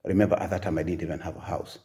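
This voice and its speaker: An older man with a Kenyan accent telling his own life story in a halting, soft-spoken way, with many pauses and fillers. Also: sits low, fairly even intonation.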